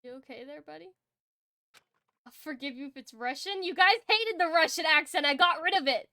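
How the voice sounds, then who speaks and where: A woman's voice: sits high, lively intonation, moderate pace, bright, forceful tone, no room sound, studio quality. A woman streamer giving casual, giggly commentary on a game, swearing freely.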